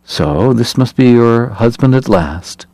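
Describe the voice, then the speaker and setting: A man's voice: medium pitch, lively intonation, creaky, darkish tone, no echo, clean studio sound. A male narrator voicing a polite, diplomatic priest who speaks courteously and carefully. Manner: courteous, measured.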